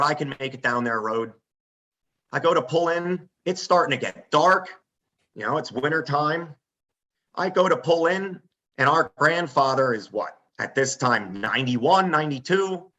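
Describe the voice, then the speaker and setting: A man telling a story in a casual, animated way on a front porch, as a podcast guest. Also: medium pitch. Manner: animated, acts out quoted voices.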